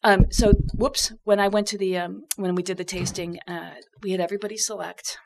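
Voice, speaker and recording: A woman guest on a radio talk show, telling stories in a lively, chatty way. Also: mid-range voice, a little fast, creaky. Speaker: guest, bourbon expert. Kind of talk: casual radio chat.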